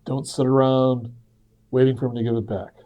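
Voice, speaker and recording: With highs cut off from the audio, a man delivers a casual monologue about personal reflections at normal speed. His medium-pitched voice is flat in delivery yet earnest and conversational, and he performs the voices he quotes.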